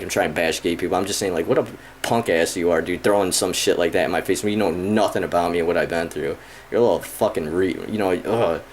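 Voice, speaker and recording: A man's voice: low voice, a little mellow, a little hiss or hum. A man in his thirties ranting casually to the camera, frustrated and profane, rambling with many fillers. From Michigan, USA. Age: 30s. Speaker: vlogger.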